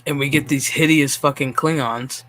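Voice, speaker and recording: A man's voice: mid-range voice, steady tone, moderate pace, a bit bright, no room sound. A man streaming a profane, exasperated reaction rant with frequent sighs, talking straight into his mic. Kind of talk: ranting reaction commentary.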